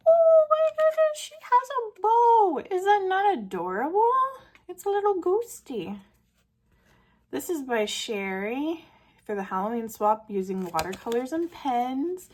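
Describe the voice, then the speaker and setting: A woman's voice: mid-range voice, creaky. A woman hosting a casual art video, narrating artwork she received and gushing over it with frequent fillers and small laughs. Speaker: art channel host. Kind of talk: casual show-and-tell narration.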